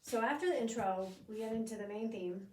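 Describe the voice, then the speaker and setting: A woman's voice: fairly high pitch, brisk, darkish tone, recorded from a distance, soft background music. A woman teaching a drum part, explaining each section and chanting the drum syllables and counts aloud. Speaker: drumming instructor. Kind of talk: step-by-step music lesson. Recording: echoey room, voice off-mic.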